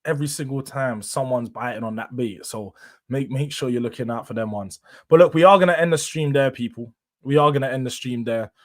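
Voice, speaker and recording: A young man runs a relaxed live stream. He talks in easy street slang and laughs often, chatting loosely with his viewers. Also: medium pitch, brisk. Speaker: livestream host. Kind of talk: casual stream chat.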